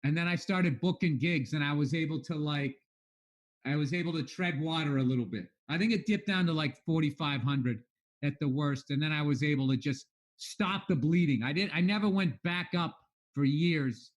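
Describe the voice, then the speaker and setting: A man in his thirties, a guest comedian in a casual chat, candid and animated, swearing a lot. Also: fairly high pitch, normal speed.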